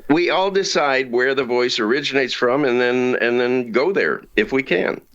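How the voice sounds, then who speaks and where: A man from the United States, a guest voice actor, speaking in a booming, measured and encouraging way. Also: expressive, fairly bright tone, muffled recording. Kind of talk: casual interview talk.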